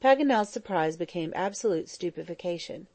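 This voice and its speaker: Woman, audiobook narrator, steady reading, warm mellow tone, dry close recording. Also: on the low side, normal speed, no echo. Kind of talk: scripted narration.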